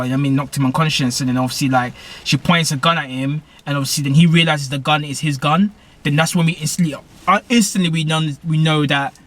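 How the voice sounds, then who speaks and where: Young British guy, slightly high voice, casual rambling reviewer with lots of fillers. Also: a bit bright. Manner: rambling, full of fillers and self-corrections. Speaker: TV show reviewer. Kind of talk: casual episode recap.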